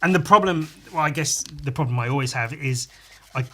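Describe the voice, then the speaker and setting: A podcast host draws live while chatting casually in a fairly high, brisk voice. He rambles, mutters to himself as he works, and tosses in crude jokes.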